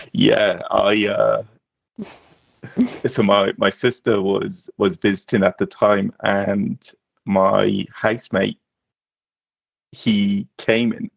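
A man on a podcast tells a story slowly, with lots of pauses and laughter. His low voice is gravelly and a little husky, and the close, dry recording has no room sound. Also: dry recording. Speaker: podcast co-host. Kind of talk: casual storytelling.

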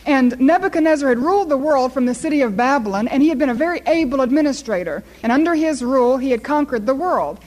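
A woman preaching a sermon, telling a story in an animated storyteller's way before moving into scripture. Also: high-pitched, fast, few pauses, rough recording.

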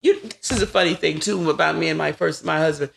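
A woman in her forties, a podcast guest, telling personal stories in a casual, animated way and acting out what people said. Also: deep voice, fast, vocal fry. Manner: animated, acts out quoted dialogue. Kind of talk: casual interview storytelling.

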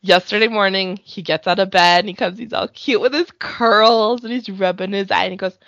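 A Canadian woman in her thirties co-hosting a podcast, telling stories in a casual, animated way with frequent laughter, sounding congested from allergies. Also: mid-range voice, fairly quick, dry recording, muffled recording. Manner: animated storytelling, laughs often. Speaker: podcast co-host. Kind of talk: casual chat.

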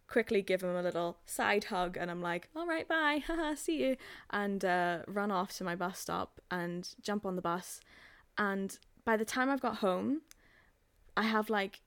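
A young woman from Northern Ireland, a podcast co-host, telling a story in casual chat and acting out quotes in high, excited voices. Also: no room sound. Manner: animated storyteller, acts out quotes in high voices, laughs often.

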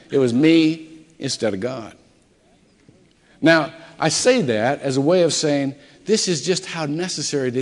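Middle-aged man, pastor, conversational sermon with big dynamic swings, recorded in a reverberant church sanctuary. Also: a little high. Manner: conversational storytelling with dramatic swings in loudness. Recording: echoey church hall.

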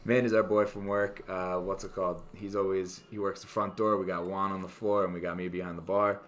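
Deep-voiced young man hosting casually. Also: a little fast. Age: young adult. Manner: relaxed, rambling with many fillers. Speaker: podcast host. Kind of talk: casual chat.

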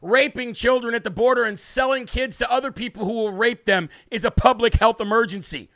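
Brash high-voiced male political host. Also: brisk, bright, forceful tone, no room sound, clean studio sound. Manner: brash, combative, mocking. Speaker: political talk show host. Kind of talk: live political commentary. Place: home studio.

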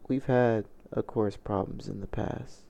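A man's voice: fairly low pitch, fairly even intonation, measured pace, gravelly, warm tone, muffled recording. A man telling a personal story in a confessional vlog, earnest and reflective, often restarting his sentences. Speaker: vlogger.

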